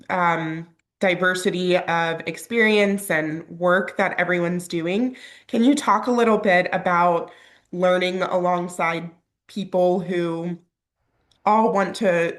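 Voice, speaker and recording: A woman participant on a video call, polite and friendly, sounding nasal from a cold. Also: lowish voice. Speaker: participant asking a question.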